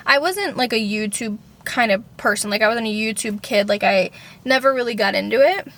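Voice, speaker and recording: A woman's voice: on the high side, moderate pace, fairly bright tone. A young woman talking casually to camera in a personal vlog, rambling, filling with "like" and swearing freely. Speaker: vlogger.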